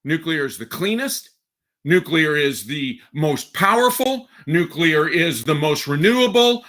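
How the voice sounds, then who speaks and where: A man with a high, bright, sharp voice talks on a live stream. His pitch leaps all over as he jokes and gets excited. The talk is loose and casual. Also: measured pace. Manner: animated, playful, excitable.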